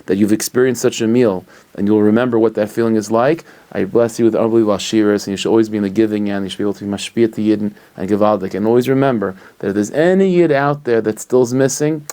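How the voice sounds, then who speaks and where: A male rabbi telling a story with a lowish voice. He talks in a lively, chatty way and often restarts his phrases as he goes. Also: fast talker, few pauses. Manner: animated and conversational, with frequent restarts.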